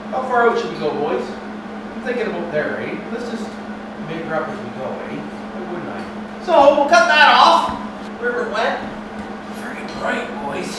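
A man's voice: high-pitched, big pitch swings, moderate pace. A Canadian man from Ontario giving casual, rambling commentary while he welds in his workshop. He keeps calling out to the boys and swears freely. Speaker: DIY vlogger. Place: echoey workshop garage. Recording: echoey shop with tool noise.

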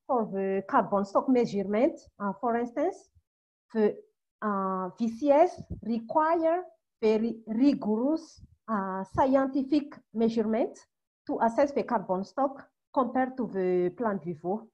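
A woman with a somewhat high voice answers a technical question on a webinar, stopping often with fillers. The call audio is dull and muffled. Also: a little mellow. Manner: halting, frequent uh fillers. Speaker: panelist on a webinar. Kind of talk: explanatory answer.

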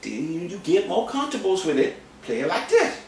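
A man's voice: sits high, wildly swooping pitch, moderate pace, heavy background noise. A man giving a goofy, casual drum lesson, joking and repeating himself in mock-boastful bursts. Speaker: drum teacher. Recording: very echoey room, camera mic from a distance.

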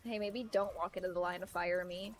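A woman's voice: lowish voice, fairly even intonation, a little fast. A young woman chatting casually and rambling while streaming a video game, laughing often. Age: young adult. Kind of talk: casual gaming stream chat.

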